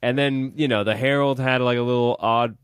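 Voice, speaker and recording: A man's voice: mid-range voice, steady tone, brisk, smooth, dry recording, clean studio sound. A man hosting a casual podcast chat, rambling and correcting himself as he goes. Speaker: podcast host.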